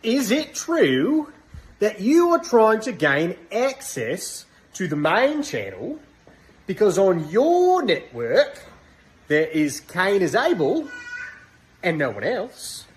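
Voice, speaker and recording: A man's voice: sits high, wildly swooping pitch, slow, heavily acted. A man putting on an Australian accent as a mock-serious talkback caller in a submitted clip. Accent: put-on Australian.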